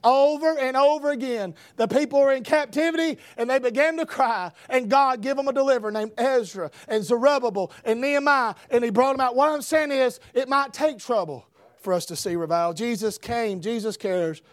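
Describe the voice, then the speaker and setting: High-voiced preacher shouting his sermon. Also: a little fast, no echo. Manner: builds to shouting emphasis, swings between loud and hushed. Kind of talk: revival sermon.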